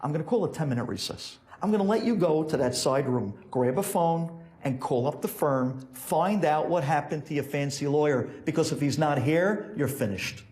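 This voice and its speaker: Man playing a stern judge, scolding, formal, lively pitch. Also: moderate pace, hardly any pauses, lightly acted. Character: stern male courtroom judge.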